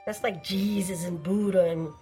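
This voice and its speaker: A woman's voice: lowish voice, steady tone, normal speed, mellow, faint music behind, rough recording. A woman co-hosting a casual podcast, talking in a blunt, emphatic way. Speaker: podcast co-host. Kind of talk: casual chat.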